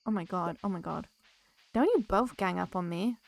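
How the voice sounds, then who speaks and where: A woman's voice: on the low side, moderate pace, creaky, slight background noise. A woman streamer chatting casually with her live viewers while she plays, teasing them back in a playful way and laughing often.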